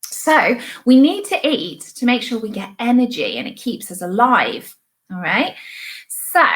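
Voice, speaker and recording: A young woman, a primary school teacher, giving a recorded online lesson to young children with bright, encouraging, sing-song praise. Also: fairly high pitch.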